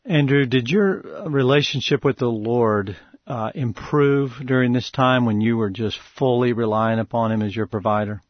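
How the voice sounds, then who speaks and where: A man's voice: medium pitch, normal speed, no room sound, dull audio. A man hosting a faith radio show, asking earnest, encouraging questions. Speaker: radio host.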